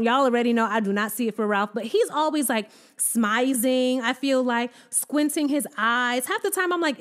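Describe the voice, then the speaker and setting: A woman giving a sassy, exasperated recap of a reality show, her voice swinging up and down in pitch. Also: normal speed, hardly any pauses. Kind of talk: casual commentary.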